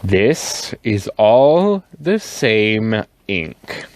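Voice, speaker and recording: A tipsy man rambling casually in a show-and-tell vlog, swearing and wandering up and down in pitch. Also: big pitch swings, drawn-out words, a little hiss or hum. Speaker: fountain pen vlogger.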